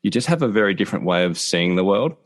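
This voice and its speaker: Measured South Australian man explaining. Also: low voice, sing-song. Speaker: podcast guest, author. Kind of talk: interview answers. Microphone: video call.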